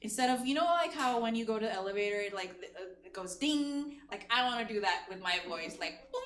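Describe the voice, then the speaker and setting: A woman's voice: a little high, animated, fairly quick, fairly bright tone. A woman hosting a comedy show and doing a stand-up set, chatty and laughing at her own jokes, with many filler words. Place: comedy stage in an echoey room. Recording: echoey live room recording.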